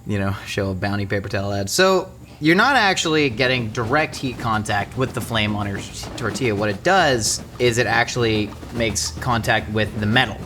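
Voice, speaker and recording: A man's voice: fairly low pitch, normal speed, few pauses, fairly bright tone, slight background noise. Jokey rambling man hosting a cooking show. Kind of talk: casual cooking chat. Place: studio kitchen.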